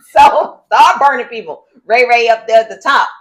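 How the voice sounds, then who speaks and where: A woman co-hosting a comedic TV recap, telling the story in a joking, animated way. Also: on the high side. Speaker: co-host.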